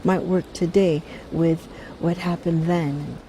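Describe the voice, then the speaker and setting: Brief: woman, 50s, interview guest, mellow low voice, soft and heartfelt. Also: fairly even intonation, slight background noise, rough recording. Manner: soft-spoken, heartfelt, halting restarts. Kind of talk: casual interview.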